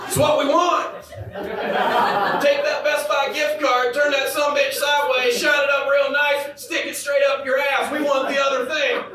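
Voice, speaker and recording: A man in his thirties doing a stand-up comedy set, with a punchy, shouted delivery to a crowd. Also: very high-pitched, little pitch movement, moderate pace. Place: comedy club stage with a live audience. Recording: echoey club from far off, crowd noise.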